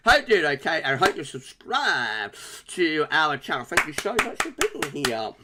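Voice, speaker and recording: Chatty man with a high, lively voice. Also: moderate pace, very noisy. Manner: chatty, giggly, lots of fillers and greetings. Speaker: weather livestream host. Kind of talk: casual livestream chat reading out viewer comments.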